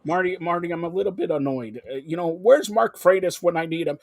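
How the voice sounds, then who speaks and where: A male host on a live sports talk show, excitable and jumping between topics with loud outbursts. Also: a little high, fairly quick, few pauses, no echo, studio quality.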